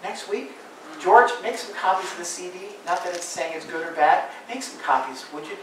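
A man preaching a sermon as pastor, pleading earnestly with his congregation, then dropping to quiet asides. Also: high voice, expressive, normal speed. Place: church sanctuary. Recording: very echoey room, voice from far off, audible noise.

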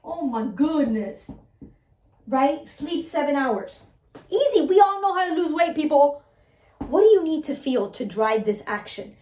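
A woman coaching her listeners on mindset, talking in an animated way and asking "right?" again and again. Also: high-pitched, unhurried, echoey room. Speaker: mindset and weight-loss coach. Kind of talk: motivational talk to listeners.

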